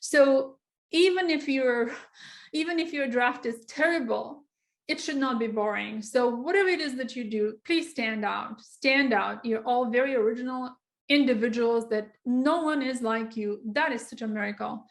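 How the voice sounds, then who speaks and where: A woman with a fairly high voice coaches students on personal statements in a loose, conversational way. She pauses on fillers, circles back, and slips into reading sample passages aloud. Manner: conversational, frequent fillers, acts out sample writing. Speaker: writing coach. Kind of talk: informal online lesson.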